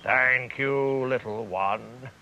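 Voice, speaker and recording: A man voicing a mighty, proud, gruff male lion with a slow, booming delivery, on a dull lo-fi 1990s TV recording. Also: a little hiss or hum. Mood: grateful.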